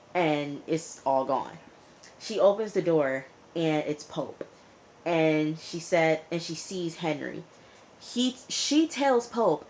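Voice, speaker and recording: Low-voiced chatty woman recapping a show. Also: slight background noise. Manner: talks back to characters as she retells; chatty, lots of "you know" and "like". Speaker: TV reviewer. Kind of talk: casual episode recap.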